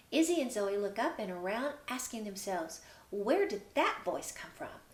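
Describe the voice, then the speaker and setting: A woman hosting a children's storytime, gently reading and encouraging, recorded in an echoey room. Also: mid-range voice. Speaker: storytime host. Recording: roomy echo.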